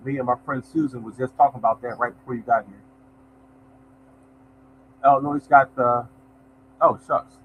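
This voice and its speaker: On a low-quality recording with a little hiss or hum, a man with a mid-range, slightly bright voice reads out lottery numbers. His livestream is loose and conversational, and he addresses viewers as y'all.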